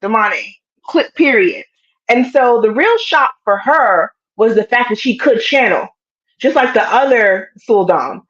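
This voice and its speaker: Animated woman recapping a TV show. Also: on the high side, measured pace, lo-fi sound. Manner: animated, acts out scenes in shifting voices. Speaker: show co-host. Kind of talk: casual TV recap chat.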